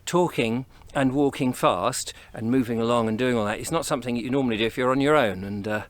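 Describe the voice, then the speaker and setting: A man's voice: medium pitch, fast talker, dry recording. Slightly breathless man chatting on a walk. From England. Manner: chatty, rambling, thinks aloud while walking. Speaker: vlogger on a country walk. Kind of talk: casual walking commentary to camera. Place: misty countryside footpaths outdoors in winter. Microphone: camera on a tripod, set up and carried along.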